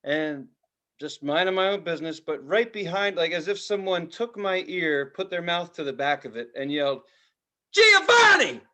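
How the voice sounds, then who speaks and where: A man co-hosting a podcast, telling a profane, animated story in casual chat, now and then shouting loudly. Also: a little high, moderate pace. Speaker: podcast co-host.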